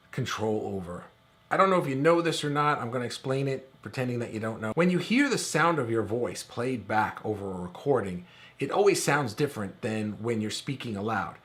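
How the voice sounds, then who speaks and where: Casual talking male course instructor. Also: mid-range voice. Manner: relaxed conversational explaining, with filler words. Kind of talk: recorded course lesson.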